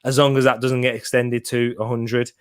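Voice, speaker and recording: A man's voice: medium pitch, flat delivery, moderate pace, clear, resonant tone. A young man hosting a live football watch-along, chatting casually and answering viewers' comments by name.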